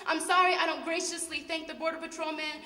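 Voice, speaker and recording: A young woman from Palestine delivers a spoken word poem with a high, bright voice. Her delivery is passionate and rhythmic, swelling into shouts. She is picked up from a distance in a big echoing hall. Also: level tone, fast talker. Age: young adult. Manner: impassioned, rhythmic, rising to shouts. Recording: echoey hall, mic far off.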